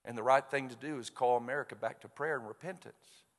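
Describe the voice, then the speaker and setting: A man preaching a sermon, telling a story with lively quoted voices. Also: medium pitch, fast. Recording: long hall reverb.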